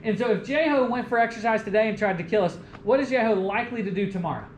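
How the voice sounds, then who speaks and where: Male college lecturer, animated and jokey, roomy classroom sound with faint hum. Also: high voice, quick pace. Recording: echoey classroom with faint room noise.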